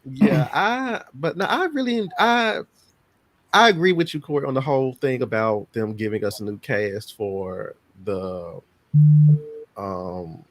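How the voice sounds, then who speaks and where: A man in a casual movie review chat, expressive and quick to laugh as he tells stories. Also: mid-range voice, dry recording. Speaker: podcast guest.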